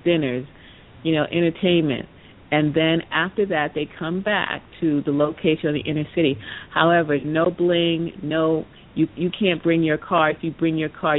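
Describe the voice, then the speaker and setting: A woman hosting a talk show, telling a story casually and acting out the voices of the people in it, with lots of fillers. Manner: animated storyteller, acts out quoted voices, many fillers. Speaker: podcast host. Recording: tinny phone-line audio with faint rumble.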